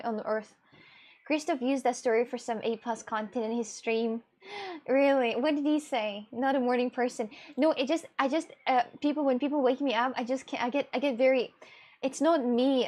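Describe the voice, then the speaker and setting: A young woman chatting bluntly and rambling on a live stream, reading out chat messages and laughing often. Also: fairly high pitch.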